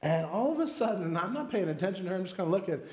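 Male pastor, 30s, high voice, chatty storytelling sermon, big echoey church room. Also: very animated, very fast, darkish tone. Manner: conversational, storytelling with personal anecdotes. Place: church sanctuary. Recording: echoey church hall with long reverb.

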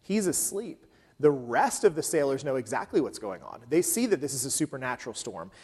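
Conversational preacher in a reverberant hall. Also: male voice, mid-range voice, very animated, a little fast, darkish tone, husky. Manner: conversational, with frequent um fillers. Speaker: pastor. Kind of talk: sermon.

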